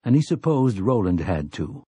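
Low, husky male storyteller. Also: very animated, dark tone, no room sound. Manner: measured storytelling. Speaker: audiobook narrator. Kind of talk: scripted narration.

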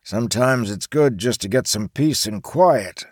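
A man's voice: mid-range voice, animated, a little slow, breathy edge, no echo, clean studio sound, voice pushed up. A man voicing a blunt, grumpy old grandfather in an audiobook. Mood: matter-of-fact. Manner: blunt, matter-of-fact. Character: grumpy old grandfather who dislikes talking. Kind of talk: audiobook character voice.

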